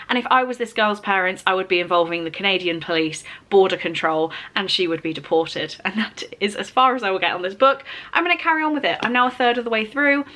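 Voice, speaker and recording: A young woman vlogging casually about books she received, gushing and excitable as she reads blurbs aloud. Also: mid-range voice. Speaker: book vlogger. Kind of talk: casual vlog chat, unboxing and reading aloud.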